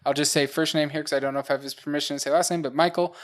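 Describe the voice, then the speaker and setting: A man's voice: fairly high pitch, fairly even intonation, rapid-fire. Guy on a podcast walking through his game prep, lots of uh and like, easygoing chat. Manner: methodical, explains step by step with "uh" and "like". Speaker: podcast co-host, dungeon master. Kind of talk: casual chat.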